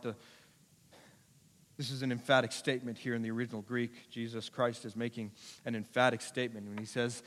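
A male pastor preaching a sermon to a congregation, building to loud, repeated urgent appeals. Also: mid-range voice, little pitch movement, a little fast. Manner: preaching with rising intensity and repetition. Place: church sanctuary. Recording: long hall reverb.

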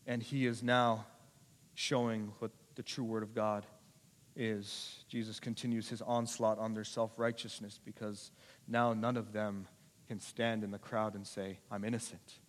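A male pastor preaching a sermon to a congregation, building to loud, repeated urgent appeals. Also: lowish voice, little pitch movement, measured pace. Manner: preaching with rising intensity and repetition. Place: church sanctuary. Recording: long hall reverb.

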